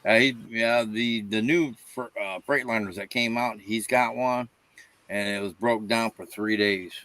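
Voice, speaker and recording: A man's voice: on the low side, steady tone, measured pace, fairly bright tone, dry recording. A man hosting a casual livestream panel, drawing guests in and asking questions. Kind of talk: casual chat.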